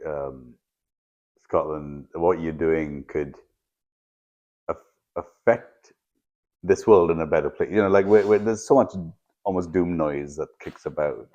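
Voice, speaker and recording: A man's voice: rumbling low, unhurried, long pauses, warm tone, muffled recording. A man hosting a podcast, asking rambling questions and searching for his words. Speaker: podcast host. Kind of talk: casual podcast conversation.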